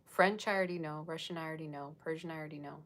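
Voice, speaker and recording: A woman's voice: sits low, fairly even intonation, very fast, fairly bright tone. A woman giving a casual, rambling livestream tarot reading, chatting with viewers and thanking them by name. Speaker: tarot reader.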